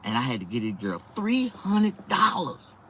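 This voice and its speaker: Lively, profane male comedian. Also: medium pitch, unhurried, a little hiss or hum. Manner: animated, profane, rambling. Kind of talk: stand-up storytelling.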